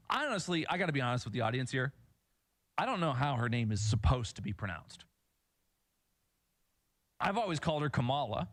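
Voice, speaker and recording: A man's voice: mid-range voice, fairly bright tone. A man hosting a political commentary show, talking in a sarcastic, mocking and indignant way between played clips.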